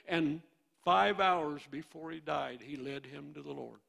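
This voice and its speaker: Impassioned old man preaching, gravelly voice. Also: a little high, a little slow. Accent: Midwestern American. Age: 80s. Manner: impassioned, swinging from loud bursts to hushed storytelling. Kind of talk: sermon.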